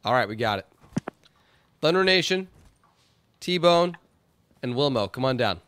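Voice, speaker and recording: A man's voice: medium pitch, expressive, unhurried, fairly bright tone, a little hiss or hum. A man hosting a singing contest in an online game lobby, upbeat and encouraging. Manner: upbeat and encouraging, lots of "all right". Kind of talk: casual game-stream hosting.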